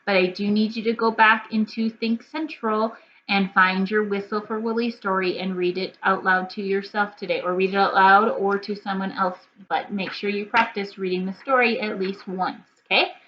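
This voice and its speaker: A woman teaching a recorded first grade reading lesson. She talks patiently, sounds words out slowly and keeps checking in with "okay?". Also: mid-range voice, fairly even intonation, fairly bright tone. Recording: dull lo-fi audio with faint hum.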